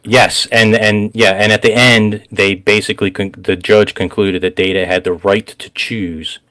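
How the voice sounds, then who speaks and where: A man hosting a casual recap chat, rambling, laughing often and getting excited. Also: lowish voice, normal speed. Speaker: podcast host.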